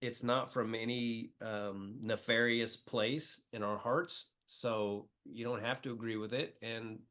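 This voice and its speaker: A man's voice: mid-range voice, steady tone, slow pace, sharp tone. A middle-aged man from the Midwest, a comedian talking as a podcast guest, telling emotional stories with many fillers. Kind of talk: casual interview chat.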